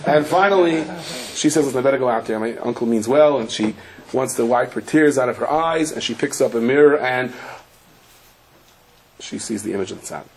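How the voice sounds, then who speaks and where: Animated male rabbi telling a story. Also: medium pitch, normal speed. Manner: animated storyteller acting out characters' voices. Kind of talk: storytelling sermon.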